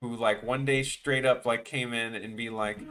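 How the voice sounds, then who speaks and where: A man talks at his desk mic on a live stream in a bright, forceful voice, over faint music in the background. He rambles offhand, trails off and restarts his sentences. When a story gets to him, he turns animated and incredulous. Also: mid-range voice, moderate pace. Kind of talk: casual live-stream chat.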